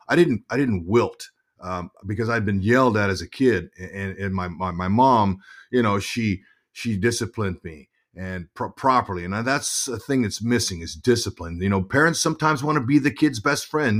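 A middle-aged man, a former ballplayer, telling stories as an interview guest in a lively, halting way that often repeats words. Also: lowish voice. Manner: animated storyteller, repeats words while thinking. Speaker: guest, former pro baseball player and broadcaster. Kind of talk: casual interview storytelling.

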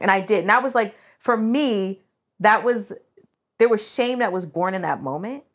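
A woman's voice: mid-range voice, big pitch swings, normal speed. Candid woman telling a painful story. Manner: candid, emotional, many "like" fillers. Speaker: podcast co-host. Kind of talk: casual personal storytelling.

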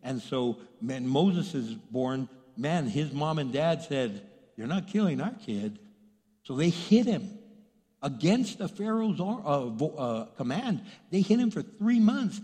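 A man preaching a sermon as pastor, telling stories in a lively way with acted-out dialogue and laughs. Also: a little high, a little slow. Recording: long hall reverb.

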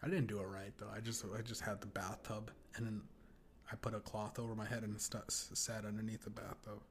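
A man's voice: fairly low pitch, level tone, brisk, a little hiss or hum. A young man hosting a podcast, telling crude, rambling stories and laughing often. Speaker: podcast host. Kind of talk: casual podcast rant.

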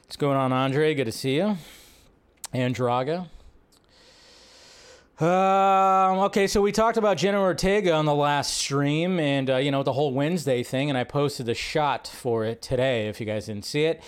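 Rambling excitable male stream host. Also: on the high side, normal speed, smooth. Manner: rambling, excitable, lots of fillers; shouts out impressions of quotes. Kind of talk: casual live stream chat.

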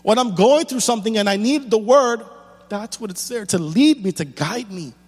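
A man preaches to his congregation, his voice sitting high for a man. He pushes through rhetorical questions and repeated lines with rising force. The sound carries a long hall reverb over a faint mains hum. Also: normal speed, slightly rough. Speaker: pastor. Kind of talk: sermon.

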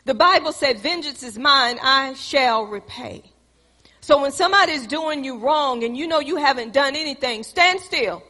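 A woman's voice: on the high side, sharp tone. A woman preacher delivering a sermon and rising into fervent exhortation to her congregation. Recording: long hall reverb.

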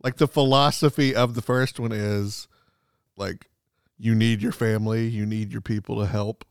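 A man co-hosting a casual podcast chat, throwing in dry wisecracks, with a gravelly voice. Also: fairly low pitch, fairly even intonation, moderate pace, dry recording.

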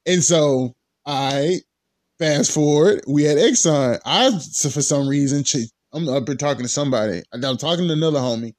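A young man in his twenties spins a rowdy story with loose, profane slang and a lot of energy. His voice sits a little on the high side and sounds close and dry, with no room around it. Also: brisk, few pauses, no echo. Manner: animated and profane, heavy slang. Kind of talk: casual storytelling.

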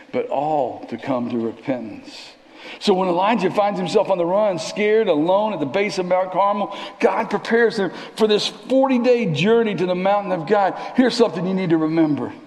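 A man preaching a sermon in a church, conversational and animated, sometimes dropping to a near whisper. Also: a little high. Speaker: pastor. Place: church sanctuary. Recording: long reverb of a church hall.

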